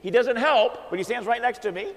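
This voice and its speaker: A woman's voice: on the high side, fairly quick, creaky, long reverb tail, voice pushed up. A man voicing a fretful, exasperated wife who helps in a church, with a rising, pleading complaint. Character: fretful Irish sacristan lady, exasperated wife.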